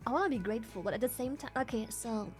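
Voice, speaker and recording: A woman's voice: a little high, fast, a little mellow, soft background music. A woman streamer chatting casually on a live stream, giggly and teasing, swearing freely.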